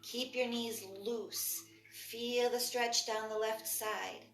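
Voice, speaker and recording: A woman instructor leading a breathwork and movement class with calm, short spoken cues paced to the breath. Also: on the high side, slow, faint music behind. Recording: echoey room from far off.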